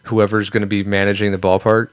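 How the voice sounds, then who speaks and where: A man's voice: on the low side, little pitch movement, fast talker, smooth, no echo. A young man from Florida co-hosting a casual podcast, joking and swearing casually. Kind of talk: casual banter.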